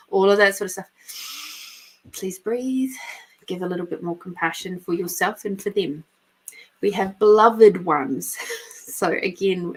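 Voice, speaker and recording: A middle-aged woman hosting a live spiritual reading podcast, talking frankly, swearing freely and laughing often. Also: fairly low pitch. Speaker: intuitive reader and podcast host. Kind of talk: casual spiritual guidance talk.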